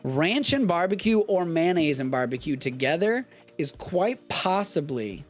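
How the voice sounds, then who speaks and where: Animated young man riffing casually. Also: a little high, unhurried, soft background music. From Texas. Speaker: host of a live streamed show. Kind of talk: casual live-stream chat.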